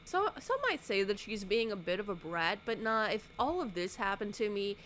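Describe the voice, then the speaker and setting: A woman YouTuber giving a sarcastic, animated casual recap of a movie, acting out the characters' lines. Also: mid-range voice, moderate pace, a little hiss or hum.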